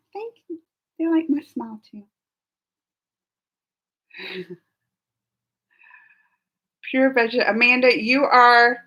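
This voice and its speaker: A woman's voice: a little high, pushed and bright. A woman hosting a casual live reaction stream, reading viewer comments aloud in a chatty way and laughing often. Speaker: reaction channel host.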